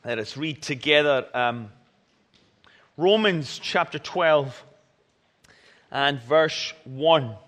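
A man preaching a sermon and reading scripture, earnest and deliberate, moving between emphatic and hushed. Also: a little high, in a large hall.

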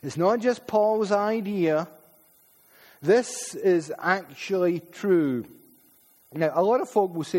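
A Scottish man preaching in church, his voice sitting high for a man. He is emphatic, often repeating words and slipping into asides. A long reverb trails off every phrase. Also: lively intonation, slow, darkish tone. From Paisley, Scotland. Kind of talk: sermon.

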